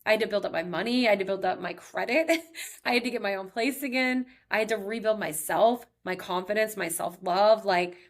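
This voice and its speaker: Speaking a little fast at medium pitch, a Texas woman in her thirties tells personal stories alone on her own podcast. Her delivery is chatty, emotional, and upbeat, loaded with "like" and "he's like."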